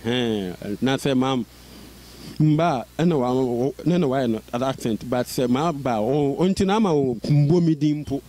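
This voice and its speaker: A man who stutters recounts his life story as an interview guest, repeating syllables and words and restarting as he goes. His medium-pitched voice is a little slow and dark in tone.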